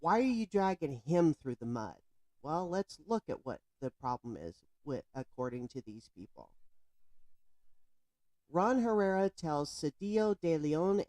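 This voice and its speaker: Indignant woman commentator, mellow dry voice. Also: fairly low pitch, very animated, a little slow, no room sound. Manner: indignant, emphatic, speaks straight to the viewer. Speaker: political commentator. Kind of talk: commentary on a news story.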